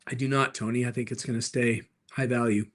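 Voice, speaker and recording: Slight background noise accompanies a middle-aged man's mid-range voice, which has little pitch movement. He's a livestream host and car dealer answering viewer questions upbeat and playfully, replying to the chat quickly.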